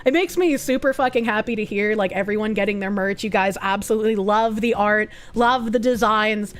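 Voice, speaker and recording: A woman's voice: medium pitch, fairly even intonation, a little fast. A woman streamer chatting casually and reacting to chat, blunt, sarcastic and heavy on swearing. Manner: blunt, profane and sarcastic, with frequent laughs.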